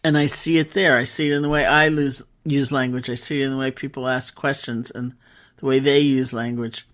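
Woman, meditation teacher, conversational storytelling talk, pauses and fillers. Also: rumbling low, fairly even intonation.

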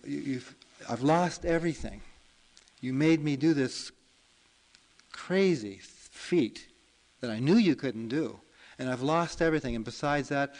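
A man's voice: on the low side, creaky. A man voicing a poor, distraught farmer in a told folk tale, stammering and pleading. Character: poor, tearful old male farmer, distraught.

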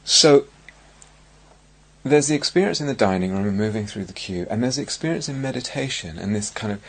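A man giving a dharma talk as a meditation teacher on a retreat. He speaks slowly and searchingly, with many pauses and restarts. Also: lowish voice, lively intonation, breathy edge.

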